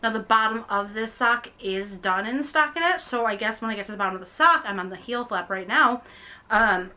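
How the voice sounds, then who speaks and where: A woman's voice: on the high side, fairly quick, pushed and bright. Chatty woman rambling while she knits. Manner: rambling, chatty, frequent ums and self-corrections. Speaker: podcast host. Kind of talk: casual chat while knitting. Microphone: camera mic.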